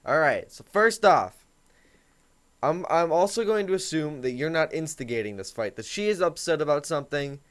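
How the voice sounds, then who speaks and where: A man's voice: on the high side, lively intonation, normal speed. A teenage boy hosting a comedic advice monologue, talking in a joking, mock-authoritative way. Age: teens. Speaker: host.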